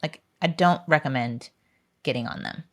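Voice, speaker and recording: A woman with a notably low voice co-hosts a casual podcast chat. She tells stories chattily and emotionally, full of asides. She is in her forties. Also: normal speed. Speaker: podcast co-host. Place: podcast studio.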